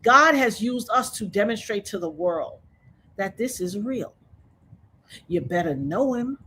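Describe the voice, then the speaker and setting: A woman's voice: mid-range voice, expressive, measured pace, pushed and bright, slightly rough. A woman in her fifties, telling her story with fervent, preacher-like conviction as an interview guest. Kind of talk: emotional testimony in conversation.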